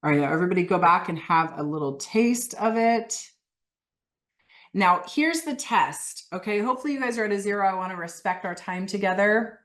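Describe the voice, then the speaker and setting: A woman leading a live online coaching session, talking slowly and emphatically through guided phrases, with lively bursts. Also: mid-range voice. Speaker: workshop leader.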